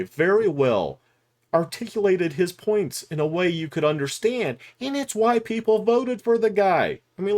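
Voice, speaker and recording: A middle-aged YouTube commentator with a high-pitched, slightly mellow voice talks unscripted to the camera. His commentary is candid and rambling, dotted with restarts and chuckles.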